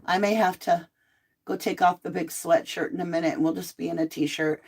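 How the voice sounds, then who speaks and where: A woman's voice: lowish voice, fairly quick, husky. Blunt, chatty woman livestreaming. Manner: chatty, blunt, animated asides and mock quotes. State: sick, on cough medicine. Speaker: host of a live true crime tarot chat. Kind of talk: casual livestream chat.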